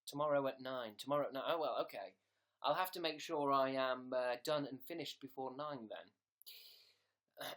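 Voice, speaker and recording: A man's voice: medium pitch, normal speed, fairly bright tone. A young man casually hosting a livestream, reading viewer messages aloud and thanking them by name. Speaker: livestream host.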